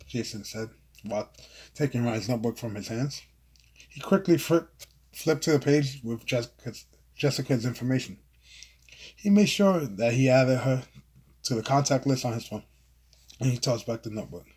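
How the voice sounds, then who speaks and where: A man reading his own book aloud as an amateur audiobook, with expressive, earnest delivery. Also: medium pitch, moderate pace, breathy edge. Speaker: author and narrator.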